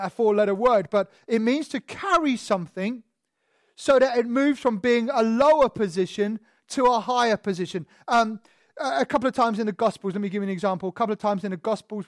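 A man's voice: sits high, no room sound, studio quality. Man preaching with stressed words. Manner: explanatory, rhetorical questions, stresses single words. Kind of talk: sermon. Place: church sanctuary.

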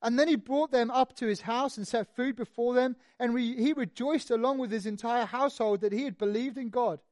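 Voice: mid-range voice, fairly quick, a little mellow, dry recording, studio quality. A preacher giving an expository sermon in a conversational way, asking rhetorical questions and retelling the story with animation.

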